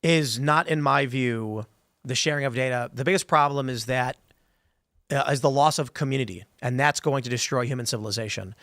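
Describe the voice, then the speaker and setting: Male podcast host, quick and animated storyteller, close dry mic. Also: mid-range voice, no room sound. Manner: animated storytelling, acts out quotes. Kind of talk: casual panel talk show.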